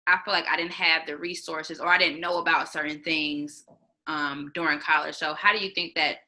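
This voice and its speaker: A woman's voice: low voice, fairly even intonation, normal speed, pushed and bright, rough recording. A woman interviewing a guest. She asks long, searching questions and acknowledges answers with "gotcha". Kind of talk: casual conversational interview.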